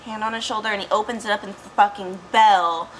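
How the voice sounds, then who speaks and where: A woman's voice: medium pitch, fairly even intonation, fast, slight background noise, rough recording. A woman casually discussing a movie, rambling and profane, wondering aloud and saying "like" often. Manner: rambling, profane, speculative, heavy use of "like". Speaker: movie reviewer. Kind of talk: casual chat.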